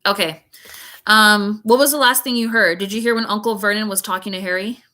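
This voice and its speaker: Bright, chatty teacher reading aloud. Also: female voice, medium pitch. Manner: chatty, pausing to comment and explain. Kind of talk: read-aloud storytelling to a class. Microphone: video call.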